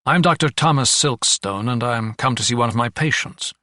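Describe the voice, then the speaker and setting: A man's voice: mid-range voice, fairly quick, pushed and bright, dry recording, clean studio sound, close to an everyday voice. A man reading a tense, determined male doctor who speaks in a clipped, controlled way.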